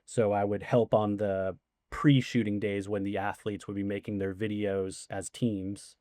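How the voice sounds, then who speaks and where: A man's voice: lowish voice, flat delivery, measured pace, dark tone, no room sound, studio quality. A man in his forties, a guest in a casual interview, telling rambling anecdotes full of fillers. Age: 40s.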